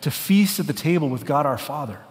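A man's voice: a little high, animated, brisk, in a large hall. A man preaching an earnest, conversational sermon with some fillers and restarts. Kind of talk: sermon with a story read aloud.

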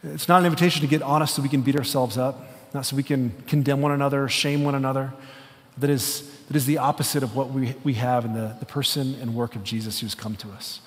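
A man's voice: mid-range voice, fairly even intonation, fast, long reverb tail. A man preaching an earnest, conversational sermon with some fillers and restarts. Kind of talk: sermon with a story read aloud.

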